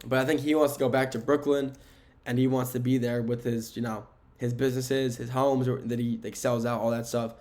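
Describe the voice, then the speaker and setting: A man's voice: medium pitch, little pitch movement, brisk, darkish tone. A man hosting a sports podcast on his own, speaking in a mid-range voice with a loose, rambling delivery. He stops to correct himself and leans on fillers as he goes. He is recorded indoors in a room. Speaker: podcast host. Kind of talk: solo sports podcast talk. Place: indoor room with window blinds.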